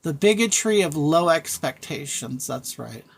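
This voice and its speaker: A woman reads her live-stream chat in a deep, expressive voice that is creaky with a breathy edge, keeping a measured pace. In a casual rant she speaks bluntly, thanks viewers by name, and repeats her points.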